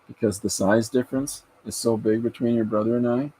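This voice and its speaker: Husky-voiced man chatting while drawing. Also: mid-range voice, steady tone, brisk, dark tone, rough recording. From Canada. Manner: rambling, chatty storyteller. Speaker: podcast host and artist. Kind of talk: casual chat while drawing.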